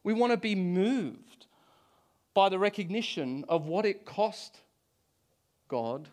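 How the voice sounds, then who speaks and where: A man preaching a Good Friday sermon to a church congregation, telling stories with a joking touch and chuckling often. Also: high voice. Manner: storytelling, jokey, chuckles often. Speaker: pastor.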